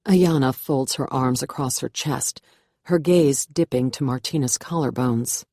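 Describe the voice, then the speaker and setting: A woman narrating a first-person thriller audiobook in a measured, wry manner on a close mic. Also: very deep voice, dark tone, no echo.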